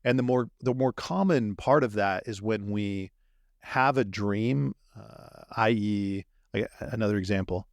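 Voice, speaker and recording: A man on a podcast as a guest, explaining his ideas in an animated way and acting out little quoted exchanges. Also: fairly low pitch, a little slow, creaky, dry recording, studio quality. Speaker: dream manager guest. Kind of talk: podcast conversation.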